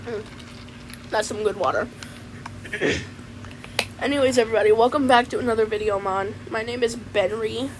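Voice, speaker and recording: Brief: woman playing a laid-back mullet guy telling a goofy story, says "man" constantly, slightly high voice, faint hiss. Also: steady tone, moderate pace, long pauses, natural voice. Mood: rambling. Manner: rambling, ends nearly every sentence with "man". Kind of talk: comedic in-character story time.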